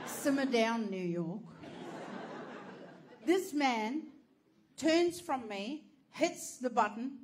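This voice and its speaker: A woman telling a stand-up comedy story, swearing freely and breaking into loud, animated bursts. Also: on the high side, very slow, long pauses, a little hiss or hum. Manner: animated, profane, bursts into shouting.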